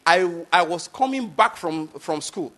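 A man with a Nigerian accent preaching in an emphatic, repetitive way. His voice sits high for a man. He keeps checking that his listeners follow him. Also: lively intonation, measured pace, fairly bright tone. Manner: emphatic, repeats points, asks the audience if they follow. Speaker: pastor. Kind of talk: sermon.

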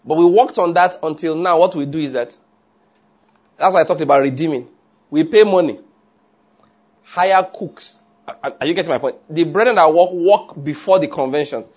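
A man's voice: a little high, moderate pace, pauses often, darkish tone, slightly rough. A man preaching a conversational sermon, often checking that listeners follow.

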